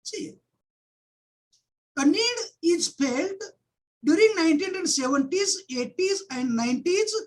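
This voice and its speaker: A woman's voice: very high-pitched, lively intonation, slow, long pauses, low-quality recording. A middle-aged woman giving an academic webinar lecture, often repeating key phrases and starting sentences with "see".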